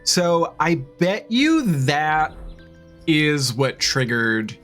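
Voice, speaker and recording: Chatty woman streamer, voice bouncing up and down, giggly, quiet music behind. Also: deep voice, sing-song, extremely slow. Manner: chatty, bubbly, laughs often. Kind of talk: casual live-stream chat. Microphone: desk mic.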